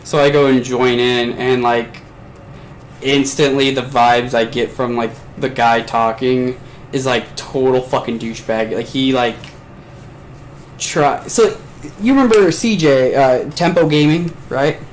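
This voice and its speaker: A man's voice: medium pitch, a little slow, a little hiss or hum, rough recording. A man hosting a podcast, telling a rambling story in casual chat with lots of swearing, from his bedroom. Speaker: podcast host. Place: bedroom at home.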